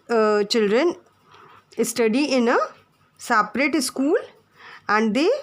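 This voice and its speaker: A woman teaches a class of young children. She talks slowly and deliberately, in a slightly high voice. She spells key words out letter by letter.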